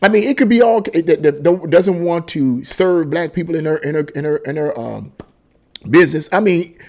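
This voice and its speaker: Emphatic, rambling man with a higher voice. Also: moderate pace, a little mellow. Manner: rambling, emphatic, many restarts and repeated words. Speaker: political commentary vlogger. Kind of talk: casual opinion monologue.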